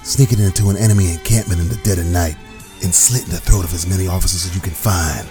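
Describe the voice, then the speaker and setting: A man voicing a gruff, boastful male army veteran in a comedy skit that parodies a safety ad. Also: deep voice, fast talker, music in the background, close to an everyday voice. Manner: gravelly drill-sergeant bravado, crude war stories.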